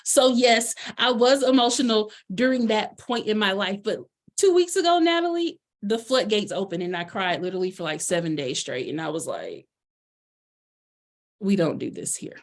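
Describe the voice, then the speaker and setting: A woman's voice: medium pitch, lively intonation, normal speed. Bubbly woman life coach, chatty and loose, casual delivery. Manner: chatty, bubbly, lots of fillers. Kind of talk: casual presentation chat.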